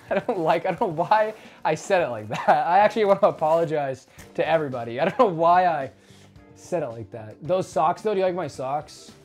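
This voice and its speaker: High-voiced joking male streamer. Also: expressive, a little fast. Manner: rambling, joking, swears casually. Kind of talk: casual livestream chat. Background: faint background music.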